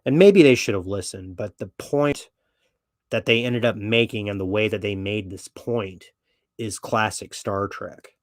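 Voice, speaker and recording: Blunt, swaggering low-voiced man. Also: a little slow, no echo, clean studio sound. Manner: blunt, swaggering, heavy swearing. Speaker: podcast host. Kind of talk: profane opinionated monologue.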